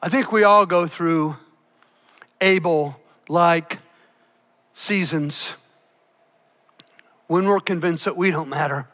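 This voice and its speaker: A man preaching a sermon, swinging from hushed, soft passages to loud, shouted peaks. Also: a little high, slow pace, long pauses. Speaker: pastor.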